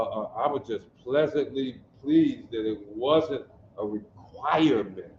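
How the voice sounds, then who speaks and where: A man from Detroit teaching a basic Hebrew class, drilling pronunciation slowly and coaxing the class to answer. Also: fairly low pitch, slight background noise. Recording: echoey room, distant dull mic.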